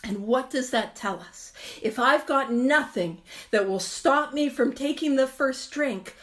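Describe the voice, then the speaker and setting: A woman's voice: high-pitched, measured pace. A woman in her thirties hosting a recovery book study, talking casually, laughing often and poking fun at herself. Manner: chatty, self-mocking, laughs often. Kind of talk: casual teaching talk.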